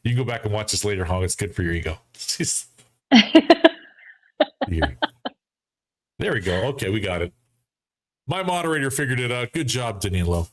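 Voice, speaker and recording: A man hosting a casual football fan show for a live audience, animated and mocking, acting out friends he quotes. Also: on the low side, moderate pace, pauses often. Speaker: sports fan show host. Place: home studio setup.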